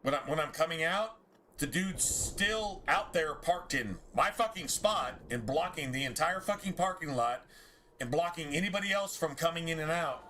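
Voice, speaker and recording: A man's voice: on the high side, animated, normal speed, pushed and bright, slight background noise. Heated, profane man. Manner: heated, profane ranting with restarts. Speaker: game streamer. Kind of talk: casual storytelling while streaming.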